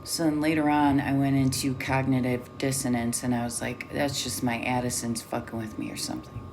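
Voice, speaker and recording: Casting note: woman with a very deep voice, blunt and profane, candid personal storytelling. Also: level tone, a little fast, noisy background. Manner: blunt, swears often. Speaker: vlogger.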